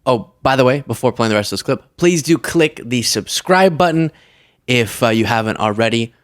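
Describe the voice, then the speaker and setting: A man's voice: mid-range voice, expressive, normal speed, dry recording. Guy doing a political commentary show, sarcastic and chatty, dry close sound. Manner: sarcastic, conversational, laughs often.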